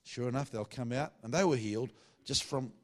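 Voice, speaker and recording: A man preaches to a church meeting in a loose, conversational way, with self-mocking jokes along the way. His pitch sits in the middle of the male range. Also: a little fast. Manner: chatty, self-mocking, joking asides. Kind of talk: sermon.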